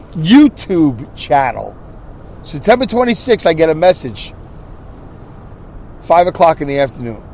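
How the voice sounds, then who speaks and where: A man's voice: a little high, a little mellow, a little hiss or hum. A man hosting a podcast, telling a story in a casual monologue with exasperated ranting and frequent restarts. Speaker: podcast host.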